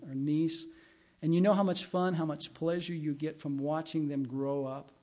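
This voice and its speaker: A man's voice: a little high, warm tone. A middle-aged man, a pastor, giving a sermon in a conversational way and weaving in personal stories. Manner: conversational preaching with personal anecdotes.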